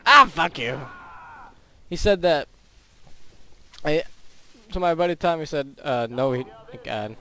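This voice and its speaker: A man's voice: on the high side, a little slow, pauses often, darkish tone. A teenage boy giving rambling, goofy commentary over a game he is playing, with silly sound effects. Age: teens. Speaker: gaming YouTuber. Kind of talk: casual gameplay commentary.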